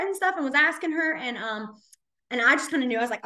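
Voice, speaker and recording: A young woman teaching a sign language class, chatty and storytelling, with plenty of fillers and quick laughs. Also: high voice, animated, bright, forceful tone. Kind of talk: casual class teaching with stories. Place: library classroom.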